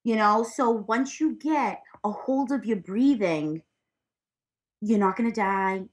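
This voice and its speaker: A woman's voice: mid-range voice, slow pace. A woman in her thirties, a podcast guest chatting casually into a laptop mic, rambling with lots of fillers and frank swearing. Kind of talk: casual chat. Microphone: laptop microphone.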